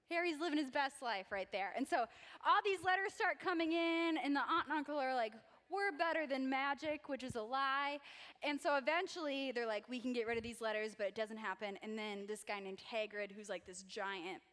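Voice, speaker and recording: Young female youth pastor: upbeat and chatty, playful with the crowd, slightly high voice, long hall reverb. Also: bright, forceful tone. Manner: bubbly, chatty, jokes with the crowd. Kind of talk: casual sermon. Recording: echoey church hall reverb.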